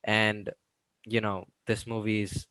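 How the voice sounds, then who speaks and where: A man's voice: lowish voice, little pitch movement, slow, sharp tone, no echo, poor audio. A man co-hosting a casual movie review podcast, agreeable and upbeat, often chiming in to back his partner up. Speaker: podcast co-host.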